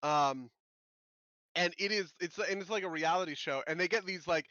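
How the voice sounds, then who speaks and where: A man co-hosting a casual podcast, talking in loose, rambling runs and laughing as he mimics reality TV. His voice sits a bit high and sounds bright and tense. The recording is dry and slightly dull. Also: normal speed, no echo. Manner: rambling, laughing, mock-quoting shows. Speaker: podcast co-host. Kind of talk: casual chat.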